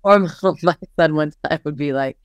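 A middle-aged woman coach telling her story in a candid interview, her voice smooth and clear. She talks animatedly, scattering "like" through her sentences and acting out what people said. The sound is close and dry, with no room around it. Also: low-pitched, measured pace, dry recording. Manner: animated storytelling, frequent "like" fillers, acts out quotes. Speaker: basketball head coach, interview guest.

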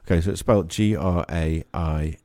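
A man's voice: deep voice, normal speed, no room sound, clean studio sound. A man with a Manx accent, co-hosting a casual comedy chat, sweary and laughing as he tells stories. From Isle of Man. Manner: sweary, laughing, animated storytelling. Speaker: podcast co-host.

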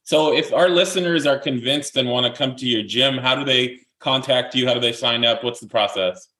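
A man's voice: medium pitch, normal speed, sharp tone. A man hosting a podcast, asking short, polite interview questions. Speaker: podcast host.

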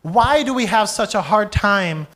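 A young adult man, a pastor, preaching a sermon in an animated storytelling way, asking the congregation questions and acting out voices. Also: high voice, a little slow.

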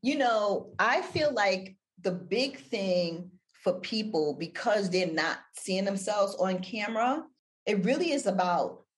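An older woman talking on a video call as an interview guest, animated, with big swings between loud and near-whispered delivery. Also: medium pitch, slow pace. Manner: animated, wide swings of inflection, drops to near-whisper for effect. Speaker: guest, audio-room moderator.

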